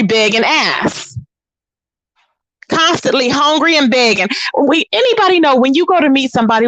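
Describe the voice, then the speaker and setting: High-voiced woman trash-talking on a livestream. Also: a bit bright, no echo. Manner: profane, combative, scornful trash talk; drawn-out sassy asides to viewers. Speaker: livestream host. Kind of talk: ranting livestream commentary.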